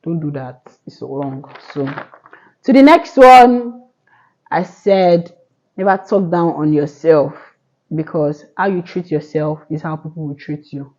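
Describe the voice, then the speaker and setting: A woman's voice: sits low, steady tone, measured pace, mellow, highs cut off. A young woman in her twenties giving earnest motivational advice to camera, rambling with restarts. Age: 20s. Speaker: vlogger. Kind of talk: casual motivational talk to camera.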